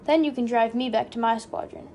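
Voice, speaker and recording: A man's voice: very high-pitched, fairly even intonation, a little fast, darkish tone, slight background noise. A woman voicing an anxious, fussy young male airman in an audiobook. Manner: anxious, pleading.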